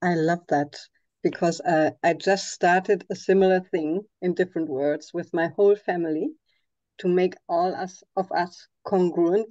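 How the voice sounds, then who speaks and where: A woman co-host chatting casually, hesitant and soft-spoken. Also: on the low side, no room sound, dull audio. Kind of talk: casual chat.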